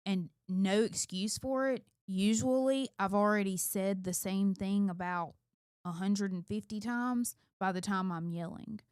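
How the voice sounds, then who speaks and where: Smooth-voiced woman talking frankly. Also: mid-range voice, measured pace, darkish tone, no echo, clean studio sound. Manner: emphatic, candid, self-reflective. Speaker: co-host, mother of two. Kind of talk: casual chat.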